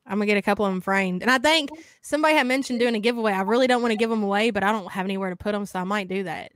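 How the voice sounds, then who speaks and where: A woman's voice: medium pitch, very fast, no room sound. Blunt teasing woman on a dry call. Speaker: panel guest. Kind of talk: casual livestream chat.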